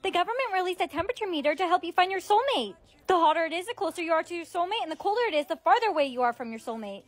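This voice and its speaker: A woman acting in comedic POV skits with a quiet, matter-of-fact delivery. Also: very high voice, lively intonation, rapid-fire, no echo. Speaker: skit creator.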